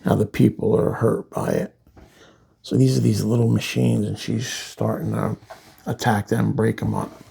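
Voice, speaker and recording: A man's voice: lowish voice, big pitch swings, normal speed, gravelly, mellow, slightly rough. A man reviewing a comic book in a loose, rambling way, full of fillers and restarts. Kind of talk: casual comic walkthrough.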